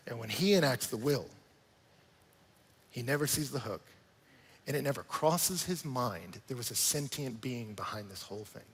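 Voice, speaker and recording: A male pastor preaches in a large church auditorium, his husky voice ringing with a long reverb. He talks in an animated way, asks the room question after question and acts out small scenes as he goes. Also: on the high side. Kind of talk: sermon.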